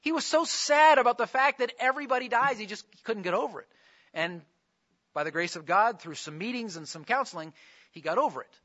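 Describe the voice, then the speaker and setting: A man's voice: high-pitched, a little fast, bright, forceful tone, muffled recording. A man preaching a conversational sermon, asking his listeners questions as he goes. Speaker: pastor.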